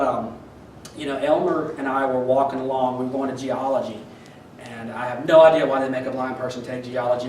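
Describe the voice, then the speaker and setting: A man's voice: medium pitch, slight background noise. A man telling stand-up stories in a wry, self-deprecating way, with many fillers and restarts. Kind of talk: stand-up storytelling. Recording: roomy sound from a distance.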